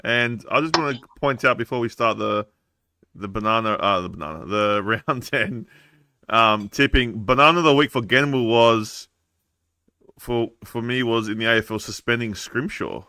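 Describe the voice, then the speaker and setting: A man's voice: medium pitch, normal speed, pushed and bright, clear, resonant tone, no echo, studio quality. An Australian man hosting a footy podcast, upbeat and steering the segments in casual chat. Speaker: podcast host.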